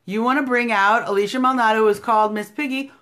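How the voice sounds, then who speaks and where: A woman in her thirties with an American accent, hosting a live stream and delivering opinionated commentary, combative and sarcastic, swinging from loud outbursts to low asides. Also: fast. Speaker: political live-stream host. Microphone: phone live stream.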